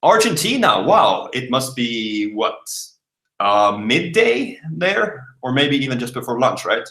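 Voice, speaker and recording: A man in his thirties from Malmö, Sweden, with a southern Swedish accent, hosts a livestream, chatting casually and reading out viewer comments while laughing and thinking aloud with many uhs. His medium-pitched voice swings widely in pitch, sounds pushed and bright, and goes a little slow. The recording is rough, in an echoey room.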